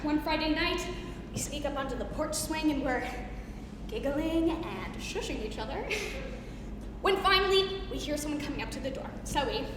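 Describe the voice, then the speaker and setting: A woman's voice: sits high, lively intonation, moderate pace, background noise. A young woman performing a musical theatre recital, telling a comic story with bursts of laughter and singing. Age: young adult. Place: recital stage in a hall. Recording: echoey hall recorded from far off. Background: piano accompaniment.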